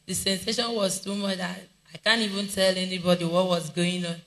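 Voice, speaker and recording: A man with a Nigerian accent giving an earnest, halting church testimony. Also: high-pitched, little pitch movement, a bit bright, rough recording. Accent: Nigerian English.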